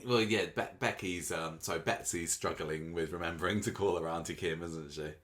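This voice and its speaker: A man's voice: low-pitched, moderate pace, a bit bright. A man co-hosting a podcast, chatting casually with dry, wry asides and frequent laughs. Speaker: podcast co-host. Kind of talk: casual chat.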